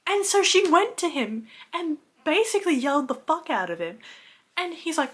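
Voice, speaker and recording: A young woman in her twenties tells the plot of a book series in a lively, exasperated way and swears freely. Her voice is bright and sits a bit high. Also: moderate pace. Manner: animated, exasperated, swears often. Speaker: book reviewer. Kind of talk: casual book recap.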